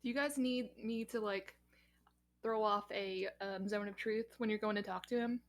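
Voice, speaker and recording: A woman's voice: medium pitch, steady tone, moderate pace. A woman playing in a tabletop role-playing game, giggly and self-deprecating. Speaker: player.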